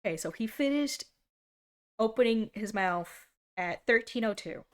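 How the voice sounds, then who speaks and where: A young woman in her twenties streaming a casual reaction, talking in an animated and sarcastic way and laughing often. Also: fairly high pitch, a little slow.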